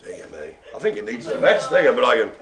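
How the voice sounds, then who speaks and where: This dog bingo host has a medium-pitched, gravelly voice that runs fairly quick and sing-song, with a crowd in the background. A theatrical, jokey showman, he laughs often while calling cards on a live show, surrounded by colleagues in the room.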